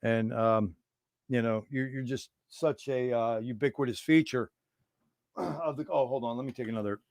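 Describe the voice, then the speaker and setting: A man's voice: medium pitch, normal speed, a little mellow, dry recording. A man hosting a casual livestream, rambling in irreverent, conspiratorial banter with his chat. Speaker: livestream host.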